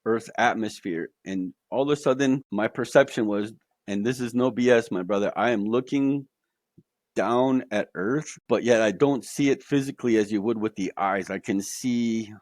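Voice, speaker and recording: A man's voice: on the low side, darkish tone, no room sound. A man guest on a podcast, telling a personal story in an earnest, emphatic way, often saying "literally" and "like".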